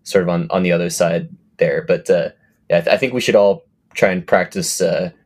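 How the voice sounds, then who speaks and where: Low voiced guy wrapping up a film podcast, lots of uhs and restarts. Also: steady tone, fairly quick. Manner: hesitant, many fillers, laughs often. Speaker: podcast co-host. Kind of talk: casual chat.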